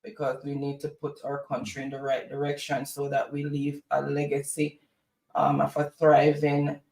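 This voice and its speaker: A man from Jamaica with a Jamaican accent, co-hosting a casual chat and telling stories with lively retellings. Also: on the high side, normal speed, creaky. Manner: chatty storyteller, mimics others. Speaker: co-host. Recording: roomy, distant from mic.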